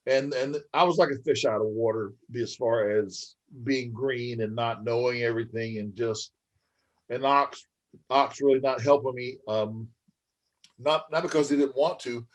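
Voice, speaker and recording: A middle-aged man sits in for a podcast interview and tells his life story in a loose, rambling way. He talks folksy, with plenty of man and brother thrown in, at a middle pitch. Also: normal speed, dull audio. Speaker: guest, former pro wrestler.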